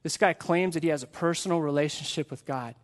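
Brief: male pastor, high voice, earnest sermon delivery, keeps asking the room questions. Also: quick pace. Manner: earnest, repeats rhetorical questions to the congregation. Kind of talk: live sermon. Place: church in front of a congregation.

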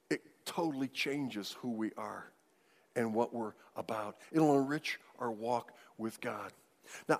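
A man preaching a sermon as pastor, emphatic, swinging widely in loudness and pace. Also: fairly high pitch. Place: church sanctuary. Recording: long hall reverb.

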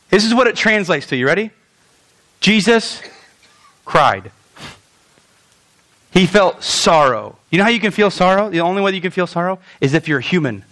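A young man preaching a sermon as pastor, animated, asking rhetorical questions and acting out quoted lines. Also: high voice.

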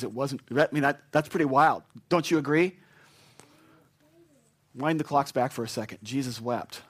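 Male pastor at a funeral, mid-range voice, animated storytelling that swells into excitement. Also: medium pitch, breathy edge. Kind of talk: funeral sermon.

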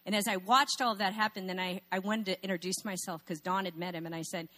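A woman's voice: mid-range voice, steady tone, fast talker, pushed and bright. A woman speaking in a sermon, telling a personal story and asking rhetorical questions.

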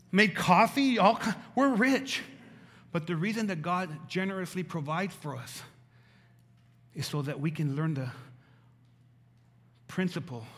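A middle-aged man preaching a sermon as pastor, animated and repeating his points for emphasis. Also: sits high. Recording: long hall reverb.

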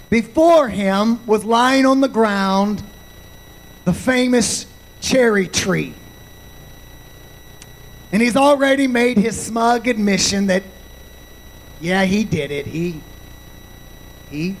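Slow high-voiced male preacher. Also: rough recording. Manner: slow, deliberate preaching with frequent amens. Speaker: pastor. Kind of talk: sermon.

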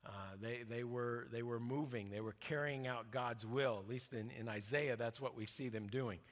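A man preaching a teaching sermon in a loose, conversational manner, often stumbling and restarting as he explains. His voice sits at an ordinary middle pitch and sinks quiet and low when he quotes scripture. The sound carries a long reverb, as in a church hall. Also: fairly even intonation, moderate pace. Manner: conversational, with many fillers and restarts; drops soft and low when quoting scripture.

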